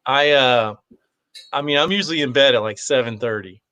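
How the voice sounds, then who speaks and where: A man's voice: medium pitch, normal speed, pushed and bright, clear, resonant tone, no echo. A man talking as a guest in a casual chat, easygoing and rambling, with lots of fillers. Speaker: guest, competitive shooter.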